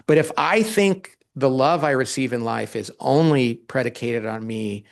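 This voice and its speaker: A man speaking in a conversational interview with an even, middle-pitched voice. He tells stories with animation and acts out the lines of the people in them. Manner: animated storytelling, acts out quoted dialogue. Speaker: guest author.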